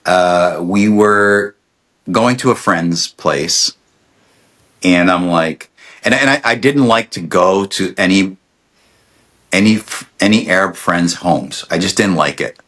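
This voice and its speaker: Lowish-voiced man telling a lively story. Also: slow. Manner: animated storyteller, acts out quotes, many restarts. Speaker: podcast guest, dentist. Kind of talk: casual storytelling chat.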